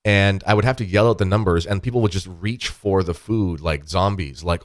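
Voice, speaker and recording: Deep-voiced man telling rambling stories. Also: brisk, few pauses, dry recording, studio quality. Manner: rambling, animated anecdotes with frequent "like" and asides. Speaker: podcast host. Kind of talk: casual storytelling chat. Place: home desk with weightlifting equipment behind.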